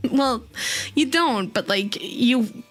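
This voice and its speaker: A woman streamer chatting casually with her viewers, giddy and hyper, laughing often between unhurried sentences into a desk mic. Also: a little high, expressive, a bit bright, faint music behind. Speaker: VTuber streamer. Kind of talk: casual livestream chat. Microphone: desk microphone.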